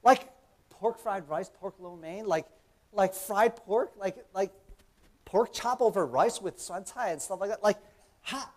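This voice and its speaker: A young male preacher with a high voice gives a casual, conversational sermon in a church sanctuary at a measured pace. He's animated, acting out imagined dialogue and frequently asking "right?"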